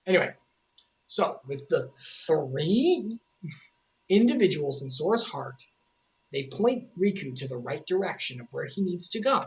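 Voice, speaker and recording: Animated joking woman streamer. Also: mid-range voice, muffled recording. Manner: excitable, joking, quick asides to chat. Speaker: streamer recapping a video game series. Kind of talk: casual streamed commentary.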